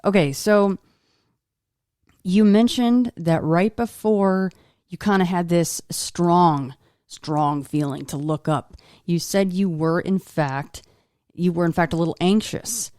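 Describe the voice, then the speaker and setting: Low-voiced woman podcast host. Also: slow, a little mellow, no room sound, clean studio sound. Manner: conversational, tag questions like "right?". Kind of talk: interview questions.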